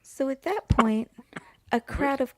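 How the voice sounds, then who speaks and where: A woman's voice: high voice, animated, takes it slowly, darkish tone, no room sound. A woman co-hosting a podcast, casually telling a history story, laughing through her lines and swearing often.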